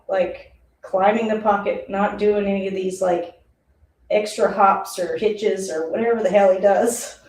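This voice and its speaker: A woman talking through a live football game as a streamer, chatty and rambling and often laughing. Her voice is mellow and a little dark. It sits away from the mic in an echoey room. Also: mid-range voice. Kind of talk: casual live play-by-play reaction. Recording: roomy, distant mic.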